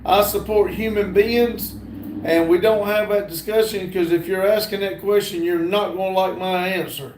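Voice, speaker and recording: A man's voice: sits high, fairly even intonation, moderate pace, reverberant, background noise. A middle-aged man with a Southern US accent hosts a live stream outdoors on a phone. He reads viewer comments aloud in an easygoing way, with many "uh" fillers. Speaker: livestream host. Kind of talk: casual live stream, reading chat aloud.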